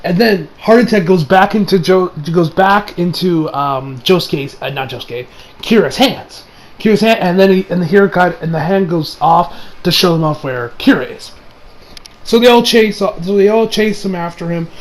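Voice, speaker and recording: High-voiced man rambling through an anime recap. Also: animated, moderate pace, poor audio. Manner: rambling, with frequent restarts and laughter. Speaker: anime reviewer. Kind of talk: casual episode recap.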